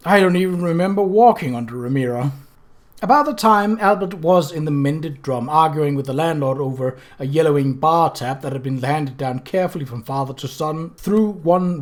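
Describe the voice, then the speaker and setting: An audiobook reader narrating a comic fantasy novel in a steady, dry storytelling voice. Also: medium pitch. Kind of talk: audiobook reading.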